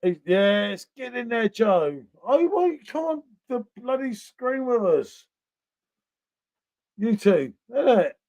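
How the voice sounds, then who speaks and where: High-voiced man, lo-fi stream. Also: very animated, slow, a little mellow. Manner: jokey, matey. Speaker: beer review host. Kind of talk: casual live-stream chat. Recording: lo-fi dull live-stream audio.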